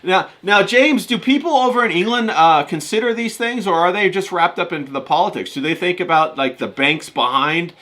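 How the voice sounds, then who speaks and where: Bright-voiced man asking hesitant questions. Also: high-pitched, a little fast, few pauses. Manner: hesitant, filler-heavy questioning. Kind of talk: casual podcast discussion.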